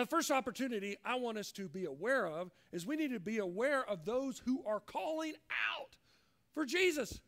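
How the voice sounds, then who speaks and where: A man's voice: very high-pitched, creaky, a bit bright. A man as a pastor preaching a sermon earnestly, acting out the voices he quotes.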